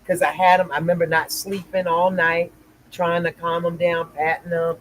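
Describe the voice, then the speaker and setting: A woman's voice: fairly low pitch, little pitch movement, normal speed, a little hiss or hum, rough recording. An older woman hosting a casual chat, telling rambling stories with many restarts. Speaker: host.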